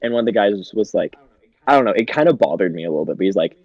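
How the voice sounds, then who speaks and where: A man's voice: lowish voice, animated, racing, dry recording, muffled recording. A young man co-hosting a podcast in casual chat, laughing often and swearing, with lots of fillers. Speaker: podcast co-host.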